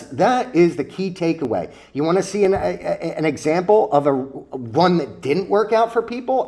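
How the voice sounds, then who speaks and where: A man's voice: fairly high pitch, dark tone. A man lecturing his viewers about trading in a blunt, profane, preachy way, full of rhetorical questions. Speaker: stock trading vlogger.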